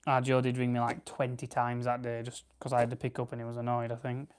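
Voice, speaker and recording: A young man from South Yorkshire, England, hosts a livestream, plucking grouse while he chats casually and rambles, reading out viewer comments and answering them. His medium-pitched voice is clean in tone, and he talks fast with a completely flat delivery.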